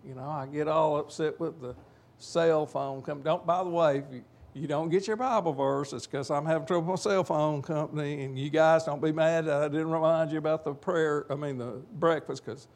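An older man preaching an informal sermon in a folksy way, joking with his listeners and slowing down to stress key points. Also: on the high side, steady tone, a little mellow. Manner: folksy, joking asides to the congregation; slows down and rises to stress key words. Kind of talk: informal sermon with a told joke.

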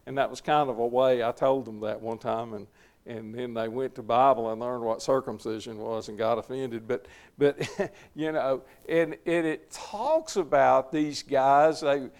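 A man's voice: mid-range voice, fairly even intonation, unhurried, a little mellow. A middle-aged man, giving folksy, conversational Bible teaching and chuckling often. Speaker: preacher leading a Bible study.

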